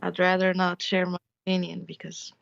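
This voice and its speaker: A woman speaking as a guest on a video call, hesitant and evasive, talking softly. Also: fairly low pitch, completely flat delivery, brisk, creaky. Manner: hesitant, evasive, soft-spoken. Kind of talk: casual conversation. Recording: dull lo-fi call audio.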